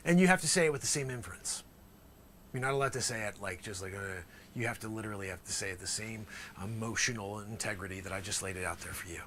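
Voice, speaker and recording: A man's voice: medium pitch, fairly even intonation, a little fast, pushed and bright, a little hiss or hum. A male host acting out an improvised courtroom sketch as a lawyer, talking theatrically and dropping into whispers for emphasis.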